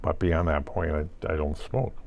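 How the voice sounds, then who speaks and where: Older man, gravelly and unhurried, talking to himself in a wry, wandering monologue. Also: very deep voice, fairly even intonation, highs cut off. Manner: muses aloud, asks and answers himself with wry asides. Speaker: vlogger. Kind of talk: rambling solo monologue.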